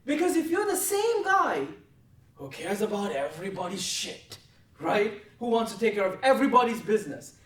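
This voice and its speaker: A woman's voice: medium pitch, very animated, moderate pace. A woman heading a trading desk, giving a blunt, profane, intense lecture that keeps pressing her listeners for answers. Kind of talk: confrontational mentoring talk. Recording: roomy, from a distance.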